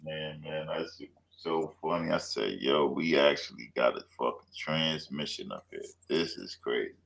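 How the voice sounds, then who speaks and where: A man co-hosting a show, chatting casually in loose, slangy banter with quick laughs. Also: extremely low pitch, creaky, a bit bright. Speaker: podcast co-host. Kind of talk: casual chat.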